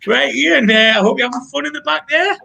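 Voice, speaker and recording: High, gravelly Geordie man. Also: fast, sharp tone, a little hiss or hum. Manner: teasing, chatty, self-mocking. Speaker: host of a pun contest. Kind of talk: casual banter.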